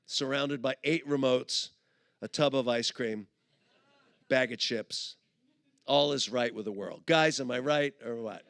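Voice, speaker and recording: A middle-aged man giving a humorous sermon at a conference, telling stories and acting out both sides of a couple in quick put-on voices. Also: medium pitch, gravelly, fairly bright tone, no room sound, studio quality. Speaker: conference speaker. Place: conference auditorium.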